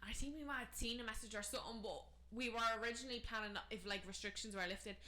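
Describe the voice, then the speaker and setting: Fast-talking bright Dublin woman. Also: fairly high pitch, echoey room. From Ireland. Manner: rapid, rambling storyteller. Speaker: podcast co-host. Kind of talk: casual chat.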